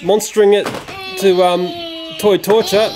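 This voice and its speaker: High-voiced man chatting through a toy review. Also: flat delivery, a little slow, background noise. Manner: chatty, exclaims often with oh dear and oh no. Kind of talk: casual toy review commentary.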